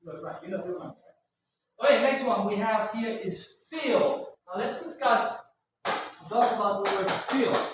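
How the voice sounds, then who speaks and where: High-voiced male teacher in an echoey room. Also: a little slow. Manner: patient, repetitive, ends phrases with "right?". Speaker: English teacher. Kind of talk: classroom vocabulary teaching. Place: classroom. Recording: very echoey room, far from mic, faint noise.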